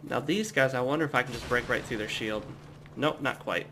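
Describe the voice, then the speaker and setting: A young adult man from the United States giving relaxed, rambling commentary as he plays a game at home. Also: mid-range voice, a little fast, background noise. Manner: relaxed, rambling, chatty asides. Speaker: gameplay commentator. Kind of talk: casual let's-play commentary.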